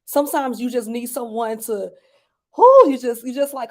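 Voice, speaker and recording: A woman's voice: a little high, animated, moderate pace. A woman hosting an online grief panel, speaking fervently with preacher-like repetition. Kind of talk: emotional panel discussion.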